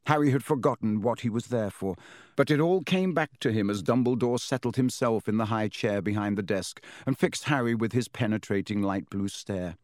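A man narrating an audiobook with steady, expressive storytelling. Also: fairly low pitch, normal speed, dry recording, clean studio sound. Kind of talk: scripted narration.

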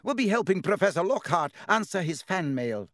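A man voicing a strict older female professor who speaks in crisp, clipped commands. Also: high voice, big pitch swings, moderate pace, a bit bright, dry recording, clean studio sound, pitched above the performer's own voice. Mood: stern.

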